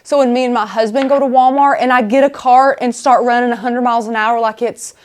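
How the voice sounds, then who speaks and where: Bubbly, chatty woman with a higher voice. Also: steady tone, brisk, slight background noise. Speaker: host of a craft live stream. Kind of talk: casual live-stream craft tutorial.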